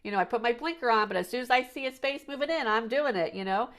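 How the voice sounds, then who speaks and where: A woman's voice: fairly high pitch, fast talker, fairly bright tone. A woman hosting a podcast, chatting casually and telling rambling stories with frequent restarts and "you know"s. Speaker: podcast host. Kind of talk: casual conversational chat.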